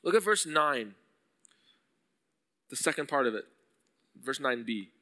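A man's voice: mid-range voice, lively intonation, unhurried, bright, forceful tone, long reverb tail. A male pastor preaching an earnest sermon, at times rising to a pleading intensity as he reads scripture. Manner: earnest, builds to pleading intensity when voicing psalm verses.

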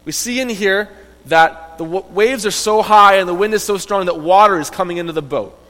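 A man telling a Bible story to children in an animated, conversational way, often asking his listeners questions. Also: sits high, moderate pace, long reverb tail, poor audio. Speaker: Bible teacher.

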